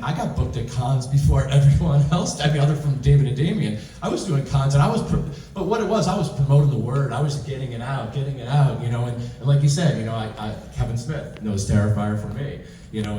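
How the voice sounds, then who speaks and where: A man telling rambling, excitable stories as a guest at a convention panel Q&A. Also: medium pitch. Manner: rambling, excitable, many restarts. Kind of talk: convention Q&A storytelling. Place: large convention hall. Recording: roomy hall, distant mic, faint noise.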